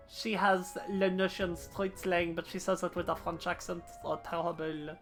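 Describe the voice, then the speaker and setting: A woman streamer making playful, quick asides while playing a game live. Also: fairly low pitch, flat delivery, soft background music. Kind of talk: casual live game commentary.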